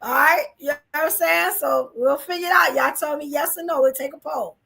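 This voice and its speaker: High, gravelly-voiced woman podcast host. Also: fairly quick, pushed and bright, slight background noise. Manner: chatty, repeats "you know what I'm saying". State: losing her voice. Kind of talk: casual live-stream chat.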